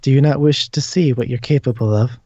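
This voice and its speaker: A man's voice: mid-range voice, fairly even intonation, fast talker, mellow, breathy edge, no echo. A man voicing an ancient, commanding spirit bound in a weapon, speaking in a solemn, formal way for a tabletop game. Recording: dull dry audio.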